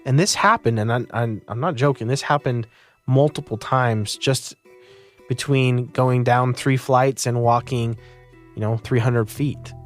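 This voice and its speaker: A man's voice: mid-range voice, fairly even intonation, a little slow, faint music behind. A young man from Utah earnestly recounting his own story in an interview. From Utah, United States. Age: young adult.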